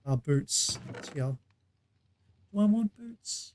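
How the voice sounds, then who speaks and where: A man from Australia streams a survival game and keeps up a loose, chatty running talk with his viewers. His voice sits a little high, and he breaks into laughs between in-game moves. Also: lively intonation, slow, darkish tone, a little hiss or hum. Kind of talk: casual live gameplay chat.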